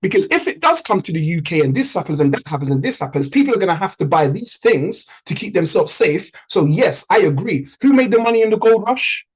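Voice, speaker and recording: A man's voice: fairly high pitch, sing-song, fairly quick, hardly any pauses, husky, low-quality recording. A man leading a trading community on a group video call. He talks in a punchy, motivational way and repeats lines for emphasis.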